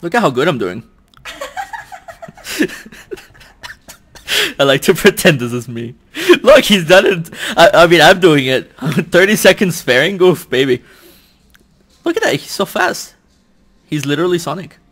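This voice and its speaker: A young man giving let's play commentary at home into a desk microphone, excitable and quick to shout and groan in frustration, joking at his own expense. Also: fairly high pitch, husky. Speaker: YouTuber playing a video game.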